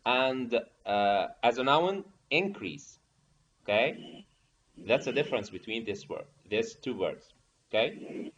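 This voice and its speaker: A man's voice: medium pitch, animated, a little slow, fairly bright tone, muffled recording, slight background noise. A man teaching a pronunciation lesson, explaining step by step and often checking in with "okay?". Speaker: teacher trainer. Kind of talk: online training lesson.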